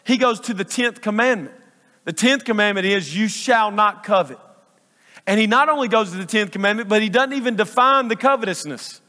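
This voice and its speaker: A man's voice: high voice, brisk, bright, forceful tone. A male pastor preaching a sermon in a church sanctuary, emphatic and repeating phrases for stress. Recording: long reverb of a large church hall.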